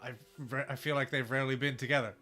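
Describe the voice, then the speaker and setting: A man's voice: mid-range voice, little pitch movement, fast, bright, forceful tone. A man co-hosting a game stream, chatting playfully and laughing often, over game music. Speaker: let's play co-host. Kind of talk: casual game commentary with voice acting.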